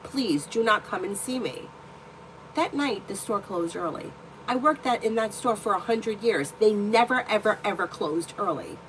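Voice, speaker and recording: A woman in the middle of her vocal range, talking casually while she reads tarot cards on a live stream. She is candid and blunt, and she swears without holding back. Her voice stays mid-pitched and conversational. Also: expressive, normal speed, fairly bright tone, slight background noise, low-quality recording. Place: indoor room at home.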